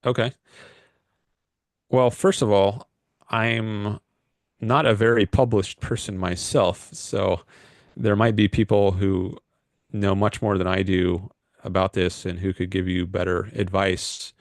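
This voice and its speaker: A man's voice: sits low, little pitch movement, slow pace, dry recording, studio quality. A man hosting a call-in livestream, rambling and hesitant with lots of fillers. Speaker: livestream host taking calls. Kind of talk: casual livestream chat.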